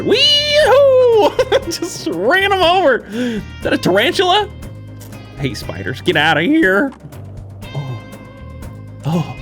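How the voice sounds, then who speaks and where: A gaming YouTuber playing through a cozy game and chatting along in a playful, giggly way. The voice swings hugely in pitch, from squeals to mutters. Light game music plays faintly behind. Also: fairly bright tone. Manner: playful and giggly, cooing at critters. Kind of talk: let's play commentary.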